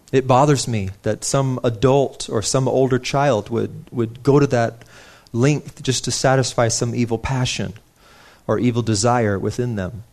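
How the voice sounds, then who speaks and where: A man's voice: medium pitch, a little mellow. A young man preaching a sermon in an earnest, conversational way, stopping to restart his sentences and telling stories from his own life.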